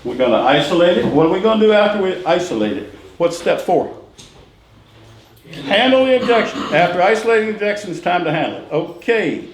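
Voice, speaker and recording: A middle-aged man with a high, very animated voice teaches a real estate sales training lecture in a classroom. The room is echoey with faint noise, and he drills phrases by repetition and quizzes the class with quick questions.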